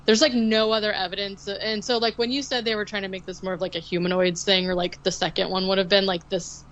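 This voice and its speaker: A woman on a podcast retells a movie plot in a loose, rambling way, peppering it with likes and ums. Her voice sits at a middling pitch, and the audio is a little dull and lo-fi. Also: level tone, quick pace. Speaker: podcast co-host. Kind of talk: casual movie recap chat.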